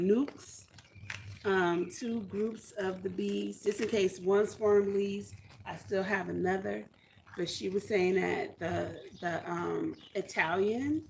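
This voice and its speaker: A woman's voice: mid-range voice, gravelly, a little hiss or hum. A woman chatting casually on a homesteading livestream, reading comments and thinking aloud in a chatty, self-deprecating way. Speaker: homesteading vlogger.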